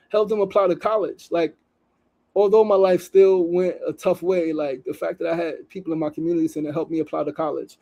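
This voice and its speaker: Gravelly, mellow-voiced New man. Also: on the high side, steady tone, normal speed, poor audio. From New York City. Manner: emotional, swears freely, reads a story aloud. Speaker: podcast host. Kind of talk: casual daily show monologue. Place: studio.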